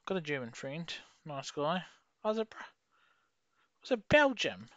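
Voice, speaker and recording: A man's voice: a little high, moderate pace, no echo, muffled recording. Rambling Kiwi man playing a game. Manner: rambling, swears a lot, excitable outbursts. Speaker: gaming YouTuber. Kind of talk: casual gameplay commentary.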